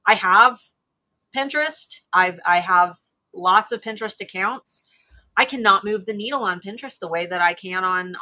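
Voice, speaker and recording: A woman with an Ohio accent chats loosely on a livestream, circling back and restarting as she goes. Her voice is bright and forward. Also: mid-range voice. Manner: chatty, rambling with restarts. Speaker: co-host. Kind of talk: casual livestream chat.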